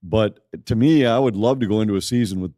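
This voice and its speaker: Man, hockey broadcaster, low voice, measured and agreeable, dry close sound. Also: mellow, dry recording. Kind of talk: casual chat before a live audience. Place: live podcast in front of an audience.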